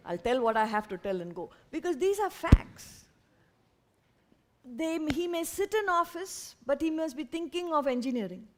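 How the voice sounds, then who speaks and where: In a lecture hall, a woman with a slightly high voice gives an earnest, lively spiritual talk to an audience, now and then slipping into quick imitations of parents. A faint hiss or hum is audible.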